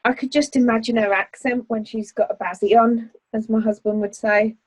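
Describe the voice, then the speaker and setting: A middle-aged woman co-hosting a casual online chat, telling animated stories and laughing often. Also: a little high, normal speed, husky, no echo, low-quality recording. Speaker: co-host. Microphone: video call.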